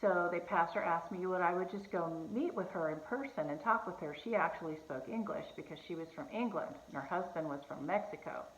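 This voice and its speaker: A woman's voice: lowish voice, a little fast, hardly any pauses. A woman casually telling a personal faith testimony, earnest and conversational, with fillers and restarts. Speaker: host sharing a personal testimony. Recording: echoey room, slightly dull sound.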